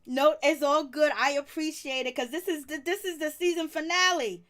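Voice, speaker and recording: A woman host talks in a casual, slangy way and breaks into laughs often. Her voice sits high and sounds bright and crisp. Her delivery is animated and blunt. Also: moderate pace. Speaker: podcast host recapping reality TV. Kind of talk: casual chat.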